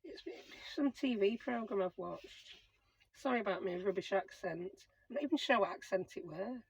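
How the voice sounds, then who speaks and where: A woman's voice: medium pitch, animated, normal speed, creaky, a little hiss or hum, rough recording. A middle-aged woman, chatting to herself as she works on a craft project and explains each step. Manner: chatty, self-talking while working. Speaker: crafting channel host. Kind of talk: casual crafting commentary.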